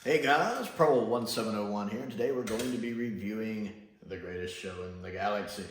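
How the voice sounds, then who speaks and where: A man's voice: on the low side, brisk, a little hiss or hum. A man giving a casual spoken review on his channel, chatty and rambling, often acting out lines. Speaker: video reviewer. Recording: echoey room.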